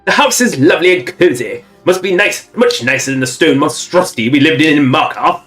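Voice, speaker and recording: A man's voice: on the high side, expressive, a bit bright, soft background music. A man doing a farmer's wife in comedy British. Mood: mock-sweet. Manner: hammy, drawn-out mock-sweet reading. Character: newlywed farmer's wife, complaining about her husband.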